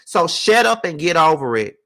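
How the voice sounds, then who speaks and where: Bright-voiced ranting male vlogger. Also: on the high side, very animated, normal speed. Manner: heated, profane, repetitive rant. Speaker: vlogger host. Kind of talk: casual ranting vlog commentary. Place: at home.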